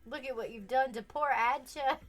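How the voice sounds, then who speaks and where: A woman's voice: sits high, normal speed, fairly bright tone, faint music behind. A woman casually chatting with her viewers on a live stream, teasing them playfully and laughing often.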